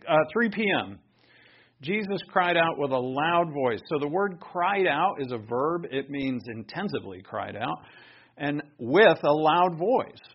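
A man's voice: a little high, breathy edge, lo-fi sound. A man teaching the Bible in an emphatic, conversational way, thinking aloud and restarting his sentences.

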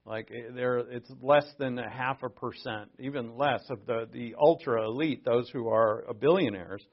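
A man's voice: medium pitch, normal speed, dull audio. A man giving a sermon in an earnest, conversational way, stopping to restart and then pressing points with sudden emphasis. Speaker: preacher.

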